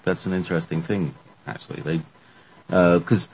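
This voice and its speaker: A man's voice: low-pitched, fairly even intonation, moderate pace, darkish tone, a little hiss or hum. A man chatting casually as a guest, rambling and hesitant with many fillers. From Britain. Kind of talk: casual podcast chat.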